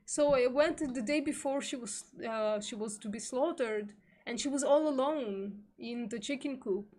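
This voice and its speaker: A woman's voice: a little high, a little mellow. A woman streaming live, reading an article aloud and breaking off into emotional, heavily sworn asides, tearful at times. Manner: slow, swears often, emotional asides.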